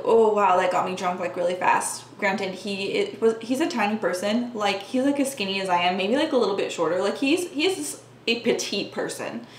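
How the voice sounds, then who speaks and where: Earnest woman vlogger in echoey room. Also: a little high. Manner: earnest, talks with frequent "like" fillers. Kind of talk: personal storytelling to camera. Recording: echoey room with faint background hum.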